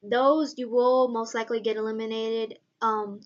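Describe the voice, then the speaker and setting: Teen girl vlogger, rambling and chatty, a bit high-pitched, muffled lo-fi audio. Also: little pitch movement, moderate pace. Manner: rambling, chatty, many fillers. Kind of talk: casual chat vlog.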